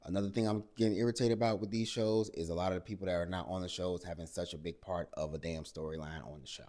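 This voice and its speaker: A man hosting a casual reality TV recap, animated and exasperated, with salty asides and acted-out quotes. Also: deep voice, fast talker.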